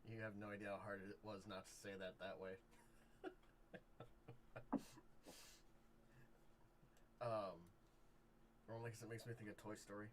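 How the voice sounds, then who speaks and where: A man's voice: fairly low pitch, unhurried, long pauses, slight background noise. Laid-back man narrating as game master. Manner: relaxed, loose narration with fillers.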